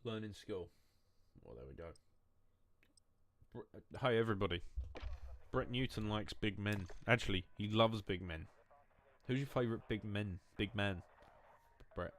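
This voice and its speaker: Man, gaming streamer, lowish voice, loose rambling chat, self-mocking jokes, swears a lot, faint background noise. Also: expressive, measured pace, pauses often, a bit bright. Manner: loose, wandering talk with restarts.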